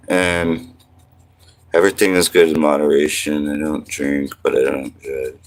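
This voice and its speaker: A man's voice: very deep voice, flat delivery, a little slow. A man in his thirties from French Canada, chatting casually on a livestream, rambling and reading viewer comments aloud. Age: 30s. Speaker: livestream host.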